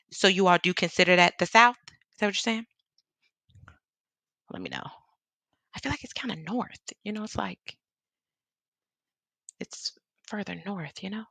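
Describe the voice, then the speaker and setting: Chatty Chicago-accented woman, low and dry. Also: bright, forceful tone, no echo. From American Midwest. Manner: chatty, reads out viewer comments, laughs often. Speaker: artist livestream host. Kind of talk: casual livestream chat while painting. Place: home studio in Seattle.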